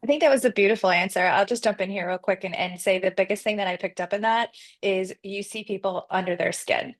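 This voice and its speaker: A woman co-hosts an interview and jumps in with affirming reactions. Her voice sits at an ordinary middle pitch. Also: fast. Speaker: co-host. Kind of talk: casual interview talk.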